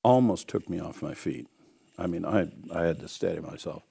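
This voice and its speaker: A man delivers a sermon, weaving a personal story into earnest exhortation. His voice sits very low, with a rough gravelly edge and a husky grain. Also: moderate pace, dark tone. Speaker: preacher.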